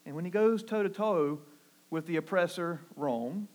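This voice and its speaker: Male pastor, Southern accent, sermon delivery, earnest, slightly high-pitched. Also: normal speed. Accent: Southern American. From American South. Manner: earnest preaching, rising emphatic on key phrases, dropping low and soft for quotes.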